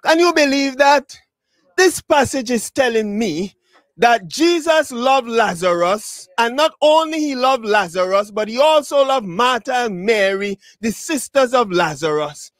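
A man preaching a funeral sermon, addressing the mourners directly, repeating his words and building to shouted, drawn-out phrases. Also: extremely high pitch, animated, no room sound. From Tobago.

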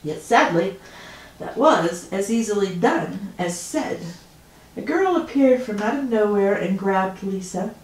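Woman reading her own book aloud, calm first-person storytelling, mid voice, echoey room. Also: mid-range voice, measured pace. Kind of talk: first-person audiobook narration. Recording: roomy echo.

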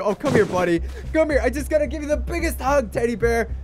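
A young man doing goofy, excitable game commentary, talking to his teddy bear as he plays. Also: very high voice, quick pace. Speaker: gaming YouTuber.

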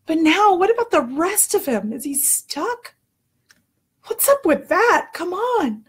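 A woman in her thirties telling a personal story in a candid, expressive way, acting out her own outbursts. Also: very high voice, slow.

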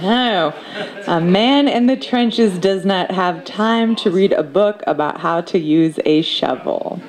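The host of a live poetry slam, calling out judges' scores in a jokey, unhurried way. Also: mid-range voice. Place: bookstore event with a loud crowd. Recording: loud crowd and noisy room.

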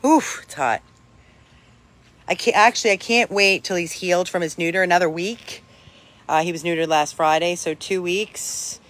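An older dog rescuer chatting at home while playing with a puppy, breaking into high coaxing calls to the dog. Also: moderate pace, a bit bright. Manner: talks to the dog in high coaxing calls between plain remarks. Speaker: dog rescuer showing a dog for adoption. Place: home with a dog, in hot weather.

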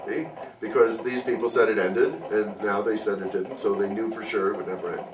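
A man's voice: lowish voice, fast talker, noisy background. Man, rambling fireside storyteller, lots of ums, distant mic, echoey room. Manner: rambling anecdotal telling with many fillers, acting out quoted people. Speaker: fireside speaker. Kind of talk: informal religious storytelling talk.

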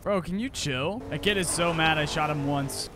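A young man with a high voice runs excitable commentary while he plays a game. Loud game music and gunfire sit under his voice. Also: moderate pace. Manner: excitable, talks to himself and viewers while playing. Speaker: gaming creator. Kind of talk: casual gameplay commentary.

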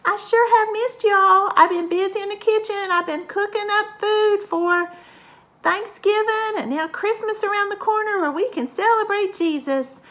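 A woman's voice: very high-pitched, moderate pace, a bit bright, voice pushed up. A woman voicing a folksy older woman cook puppet with a homey, drawling manner. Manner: homey drawl, greets with "howdy, y'all".

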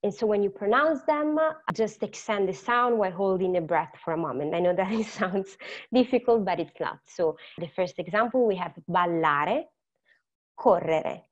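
A woman's voice: mid-range voice, expressive, brisk, muffled recording. A woman with an Italian accent, a native Italian speaker, teaching an online beginner lesson and explaining patiently with many fillers.

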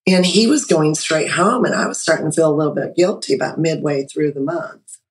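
Woman, middle-aged, guest, video call, animated storytelling, emotional. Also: low voice, fairly quick, low-quality recording. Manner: animated, emotional, acts out her own quotes. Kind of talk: casual storytelling.

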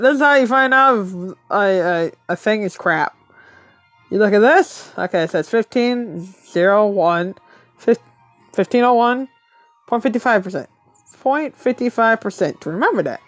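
A woman's voice: a little high, fairly bright tone, no echo. A woman thinking aloud as she plays a mobile game, muttering to herself and laughing often in casual commentary.

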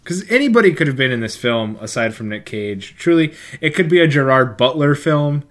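A man's voice: mid-range voice, expressive, fairly quick, fairly bright tone. Wry man in casual podcast chat. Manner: wry, sarcastic humor. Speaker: podcast co-host. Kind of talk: casual movie review chat.

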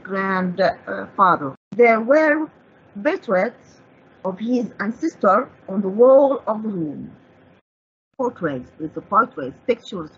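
Teaching an English vocabulary lesson, an Egyptian-accented Arabic speaker quizzes herself and answers as she covers each word. Her voice sits on the high side, a bit bright and slightly rough, carried on dull lo-fi broadcast audio.

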